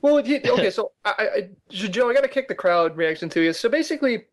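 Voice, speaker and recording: A man with a notably high voice co-hosts a casual wrestling chat. He laughs easily and keeps steering the talk with questions. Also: expressive, a little fast. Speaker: podcast co-host.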